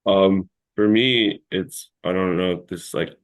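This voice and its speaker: A man's voice: deep voice, a little slow. A man telling a long story as an interview guest in a casual chat, rambling and packed with filler words.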